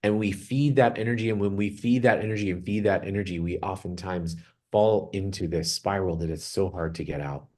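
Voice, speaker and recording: A man leading a group meditation on a video call, speaking earnestly and reflectively, slowing down on words he wants to stress. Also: deep voice, fairly even intonation, a little mellow. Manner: earnest, reflective, slows down for emphasis. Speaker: meditation guide. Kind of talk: spiritual talk opening a group meditation.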